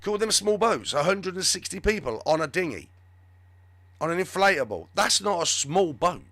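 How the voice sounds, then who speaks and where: A man hosts a live show with rambling, sarcastic commentary. His voice sits fairly high and swoops up and down a lot. The sound is close and dry, with no room echo. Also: lively intonation, moderate pace, a bit bright. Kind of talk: live political commentary chat.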